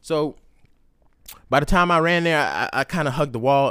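A young man hosting a casual solo podcast, telling stories in a profane, slangy, animated way. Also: medium pitch, brisk, clear, resonant tone, dry recording, clean studio sound. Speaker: podcast host.

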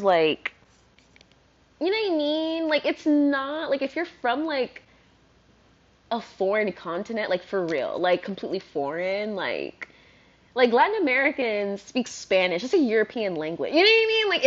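Rambling woman vlogger, lively pitch. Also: moderate pace. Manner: rambling, animated, heavy use of "like". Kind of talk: casual rant to camera. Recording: dull lo-fi recording.

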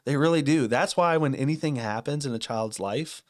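A man's voice: medium pitch, normal speed, dry recording, studio quality. A man in his thirties co-hosting a casual parenting podcast, candid and earnest, laughing at his own shortcomings. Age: 30s. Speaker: podcast co-host.

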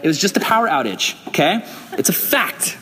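Animated young youth pastor preaching. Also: male voice, on the high side, brisk. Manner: animated storytelling, acts out quoted voices. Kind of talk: youth sermon. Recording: hall with long reverb.

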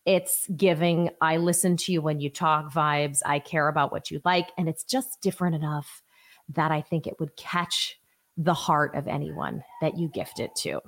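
A middle-aged woman, hosting a solo podcast in a chatty, enthusiastic way, full of asides. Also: lowish voice. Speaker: podcast host. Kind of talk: solo gift-guide podcast.

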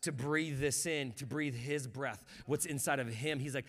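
A man preaching a sermon as guest pastor, building from quiet reflection to shouted fervor and calling on the congregation to respond. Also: on the high side, moderate pace, few pauses.

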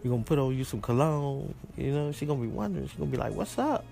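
Male host, mid-pitch gravelly voice, slangy and playful, faint music bed. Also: fairly even intonation, very fast, dark tone. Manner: laid-back, playful storytelling with slang. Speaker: podcast host answering voice messages. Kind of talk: casual joking chat.

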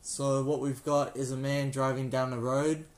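A man's voice: medium pitch, flat delivery, normal speed. An Australian man hosting his own show, telling a story in a casual, rambling, jokey way with many restarts. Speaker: podcast host.

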